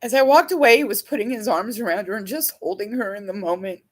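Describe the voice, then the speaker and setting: A woman's voice: mid-range voice, fast, few pauses. A middle-aged woman healing coach teaching in a casual, candid way, telling rambling, emotional stories from her own life.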